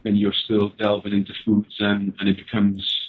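A man speaking as a personal trainer guest on a podcast, giving calm, measured explanations over a remote call. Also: on the low side, breathy edge. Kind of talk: casual podcast chat. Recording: tinny phone-like line.

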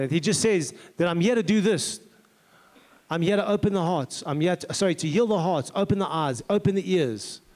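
A man's voice: high-pitched, a little mellow. A man preaching in a crowded hall, urging the congregation and calling out for them to respond. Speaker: pastor. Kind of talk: sermon. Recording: reverberant hall.

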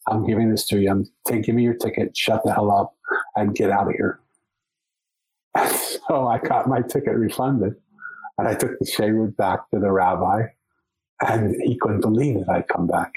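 A man's voice: fairly low pitch, fairly even intonation, moderate pace, darkish tone, husky, rough recording. A man, a podcast guest, telling a long story in conversation, often restarting and repeating words as he goes.

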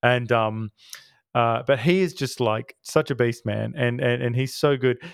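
A man's voice: mid-range voice, unhurried, creaky, clear, resonant tone, no room sound, studio quality. A man hosting a podcast, chatting casually about a film in a rambling, enthusiastic way with many restarts. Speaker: podcast host. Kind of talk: casual film review chat.

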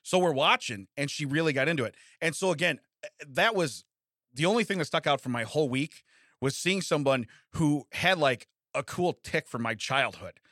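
A man's voice: on the high side, lively intonation, normal speed, a bit bright, no room sound, clean studio sound. Chuckling, rambling middle-aged man. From United States. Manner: laughs often, rambling with restarts. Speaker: podcast co-host. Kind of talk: casual chat.

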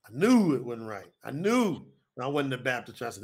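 A man, preaching to an audience in a folksy, animated, repetitive way. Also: mid-range voice, fast talker. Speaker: preacher and co-host.

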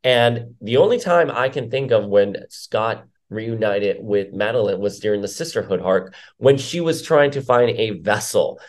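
A man's voice: on the low side, lively intonation, normal speed, hardly any pauses. A man giving casual, opinionated commentary as a comic book reviewer, rambling with filler words.

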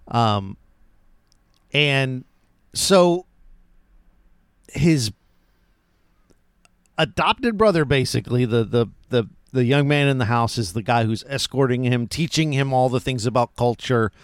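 Smooth-voiced man chatting about a film. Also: medium pitch, no echo, studio quality. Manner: chatty, retells scenes with quoted voices. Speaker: podcast co-host. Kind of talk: casual film discussion.

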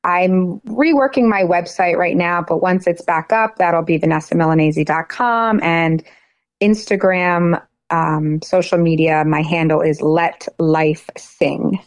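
A woman from New Jersey in her thirties, guesting on a radio interview, with a voice on the low side for a woman. She talks in a bubbly, friendly way and laughs easily. The sound is dry and close. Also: measured pace, dry recording. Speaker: singer-songwriter guest. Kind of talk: casual interview chat.

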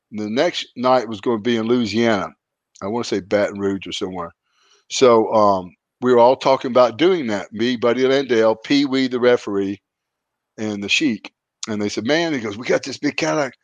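A man's voice: medium pitch, moderate pace, no echo, highs cut off. Easygoing guy spinning road stories, dry close mic, mid voice. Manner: laid-back, animated when quoting others. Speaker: podcast host, retired wrestler. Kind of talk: casual storytelling.

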